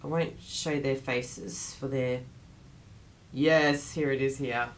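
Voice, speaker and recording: Low-voiced chatty woman with a groggy morning voice. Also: steady tone, takes it slowly, a little hiss or hum. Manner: chatty and rambling, laughs often. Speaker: craft class host. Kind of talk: casual livestream chat.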